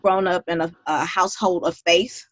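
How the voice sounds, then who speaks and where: A woman's voice: lowish voice, fairly even intonation, moderate pace, no room sound, highs cut off. A woman in her thirties, a podcast guest, telling her life story in an earnest, heartfelt way. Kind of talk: podcast interview.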